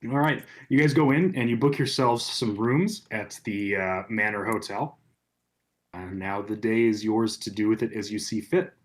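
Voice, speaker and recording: A man's voice: lowish voice, moderate pace. A man running a tabletop game as game master, in an easygoing way. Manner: easygoing, relaxed.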